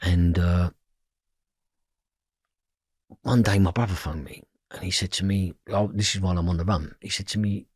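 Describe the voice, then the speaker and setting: A man's voice: low-pitched, steady tone, a little fast, a little mellow, breathy edge, no room sound, studio quality. A man with a London accent, a guest telling a raw personal story in an interview, blunt and swearing freely. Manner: blunt, swears, acts out dialogue.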